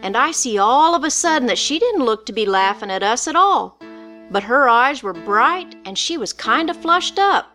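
A woman narrates a storybook in first person, with folksy, rural turns of speech. Her voice is bright and a bit high, and soft guitar plays faintly behind her. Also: big pitch swings, normal speed.

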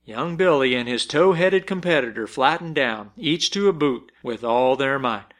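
A man reading a story aloud as narrator, telling it in an expressive, measured way. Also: mid-range voice.

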